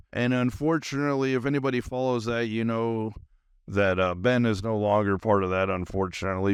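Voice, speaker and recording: A man hosts his own podcast and talks without stopping, wired on caffeine and drifting from one thought to the next. His voice is smooth and resonant at a middling pitch. It is recorded dry and close, with no room sound. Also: no room sound. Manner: rambling, nonstop talker with many fillers. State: highly caffeinated. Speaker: podcast host. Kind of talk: rambling solo podcast monologue.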